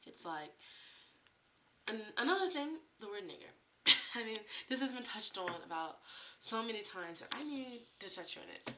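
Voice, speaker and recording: A young woman talking casually to a webcam, animated and full of "you know" and "like". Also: a little high, moderate pace, pauses often. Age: young adult. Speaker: vlogger. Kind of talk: casual opinion vlog. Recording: dull lo-fi webcam audio with faint hiss.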